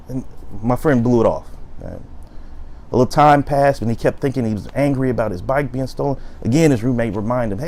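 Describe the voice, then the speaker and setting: Lively man telling a story. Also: medium pitch, fairly quick. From South Side of Chicago. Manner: lively storyteller, acts out quotes. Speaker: host. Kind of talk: storytelling talk.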